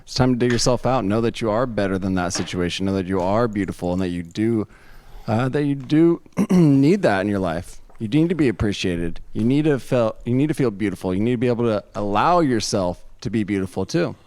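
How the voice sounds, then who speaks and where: A man's voice: fairly low pitch, expressive, a little fast, a little mellow, no room sound. A man co-hosting a tarot reading, giving an earnest, encouraging pep talk. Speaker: co-host tarot reader.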